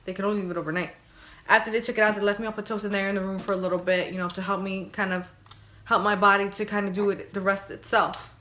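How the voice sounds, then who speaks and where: A young woman casually telling her birth story to her viewers, chatty and animated, acting out her own crying and pleading. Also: mid-range voice, fast talker. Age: young adult.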